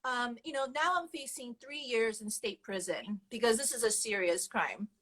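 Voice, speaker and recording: A woman's voice: fairly high pitch, normal speed, a bit bright, low-quality recording. A woman guest telling her personal story candidly and animatedly, laughing often as she goes.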